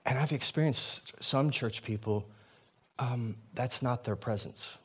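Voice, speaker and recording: Male pastor, casual sermon delivery, animated, restarts a lot, middle pitch. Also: measured pace, husky. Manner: conversational, animated, with frequent restarts and asides.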